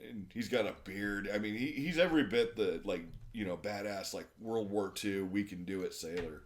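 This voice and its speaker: A man's voice: on the low side, normal speed, a little hiss or hum. A man co-hosting a podcast in casual chat, chuckling often and recalling cartoon lore fondly. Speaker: podcast co-host.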